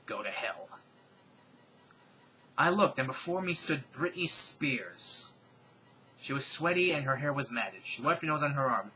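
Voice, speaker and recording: A man reading fan fiction aloud in a comedic, dramatic style. He cuts in with deadpan, sarcastic remarks. His voice is bright and crisp over faint room noise. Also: mid-range voice, normal speed, rough recording.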